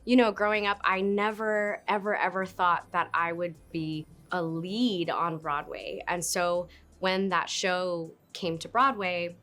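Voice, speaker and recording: A woman in her thirties, an actress, talking casually and playfully in an interview, with giggles and quick asides. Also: fairly low pitch, steady tone, fairly bright tone. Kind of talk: casual interview talk to camera. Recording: faint music behind.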